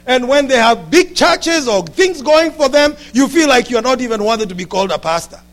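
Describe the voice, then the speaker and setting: A man preaching a sermon to his congregation, animated and rising to shouts, with frequent asides to the listeners. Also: extremely high pitch, moderate pace. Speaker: pastor.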